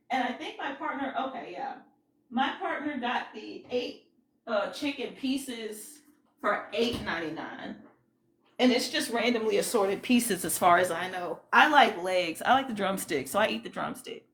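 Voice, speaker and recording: A woman's voice: fairly high pitch, a bit bright. Chatty woman greeting livestream viewers. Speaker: livestream host. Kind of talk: casual livestream chat.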